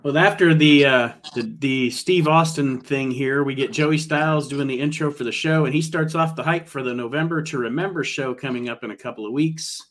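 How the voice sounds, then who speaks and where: A man's voice: medium pitch, a little fast, hardly any pauses. Man recapping matches, fillers throughout. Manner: steady recapping with frequent fillers. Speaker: podcast host. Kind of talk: casual episode recap.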